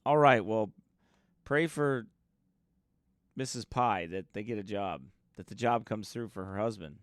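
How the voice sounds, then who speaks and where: A man's voice: on the low side, unhurried, no room sound, studio quality. A man, a pastor from the United States, chatting casually and joking with livestream viewers before his sermon. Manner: chatty, joking, reads viewer names aloud.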